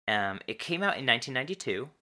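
A podcast co-host in casual chat, chatty and quick to laugh, stumbling over words now and then. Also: medium pitch, sing-song, sharp tone.

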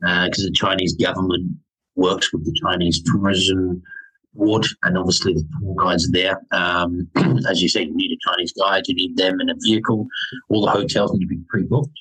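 A man with a very low, husky voice chatting as a podcast guest. He rambles with enthusiasm and fills gaps with plenty of ums and repeats. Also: fairly even intonation, normal speed, bright, forceful tone, poor audio. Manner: enthusiastic, rambling, many fillers. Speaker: podcast guest, overland traveller. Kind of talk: casual chat.

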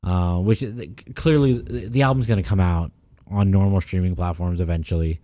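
A man with a lowish, mellow voice talks loosely on a podcast, rambling and cursing freely. The sound is dry and close, with no room around him. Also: normal speed, no room sound. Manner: rambling, profane, animated when ranting. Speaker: podcast co-host. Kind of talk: casual chat.

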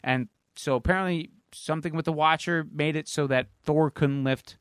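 A man's voice: a little high, fairly even intonation, moderate pace, clean tone, dry recording, clean studio sound. A man co-hosting a podcast, casually retelling a comic-book story with lots of fillers, restarts and swearing. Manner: rambling plot recap with fillers and swearing. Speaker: podcast co-host. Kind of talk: casual chat.

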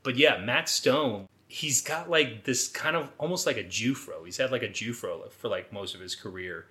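A man's voice: medium pitch, moderate pace, bright, forceful tone. A man co-hosting a podcast in a casual chat, laid-back, swearing freely and often laughing as he talks. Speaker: podcast co-host.

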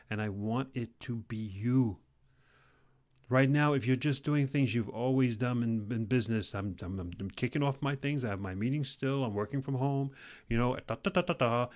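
A man in mid pitch delivers a fired-up pep talk. He pushes hard on key words and repeats them, then drops to a low, intense near-murmur before building up again. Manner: intense, emphatic, repeats lines for emphasis; swings between loud exhortation and low, quiet intensity. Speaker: career motivational speaker.

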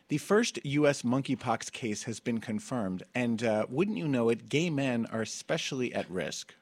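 Campy husky man hosting a podcast. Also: medium pitch, no echo. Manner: campy, playful, laughs often. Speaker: podcast host. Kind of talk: casual comedic chat. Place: studio.

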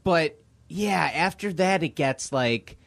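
A man's voice: a little high, expressive, takes it slowly, vocal fry, fairly bright tone. A young man in casual chat as a podcast host, laid-back, swearing freely and acting out movie lines.

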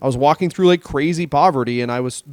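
A man's voice: fairly high pitch, fast, a little mellow, no room sound. A man from Canada, a comedian co-hosting a podcast, telling rambling, profane anecdotes in casual chat.

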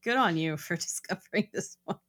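A woman's voice: lowish voice, brisk, fairly bright tone, dry recording, clean studio sound. A young adult woman hosting a casual chat, giggly and encouraging as she asks questions. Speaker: host.

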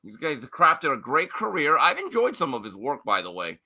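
A male sports writer giving opinionated commentary on a talk show, talking in quick bursts. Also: mid-range voice, huge pitch swings, pushed and bright. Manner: opinionated, fast bursts, quoting others in put-on voices.

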